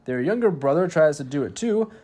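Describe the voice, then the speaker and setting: A man's voice: fairly high pitch, expressive, fairly quick, mellow. A young man hosting a gaming video, narrating gameplay in a scripted, comedic way with wry asides. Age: young adult.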